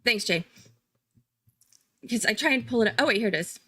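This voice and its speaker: A woman hosting a casual live-stream commentary, chatty and excitable, thinking aloud and laughing often. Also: a little high, a little fast, slightly rough. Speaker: true-crime commentary host.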